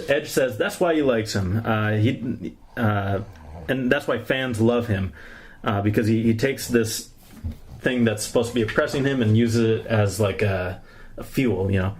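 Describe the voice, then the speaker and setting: A young man co-hosting a podcast, recapping events in a rambling, laughing way with many fillers. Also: lowish voice. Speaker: podcast co-host. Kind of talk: casual chat recapping wrestling.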